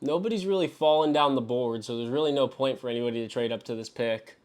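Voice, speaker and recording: A man hosting a live stream as he works through a mock draft, talking to himself and swearing freely. He swings between exasperated yelps and low mutters. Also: fast, a little mellow. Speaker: fantasy football show host. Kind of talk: live-streamed solo commentary.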